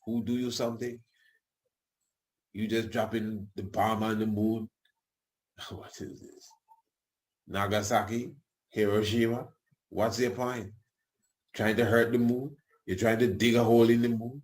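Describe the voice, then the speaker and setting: Brief: male radio talk host, low register, loose colloquial rambling delivery. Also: level tone, normal speed. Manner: rambling, colloquial, chuckles asides.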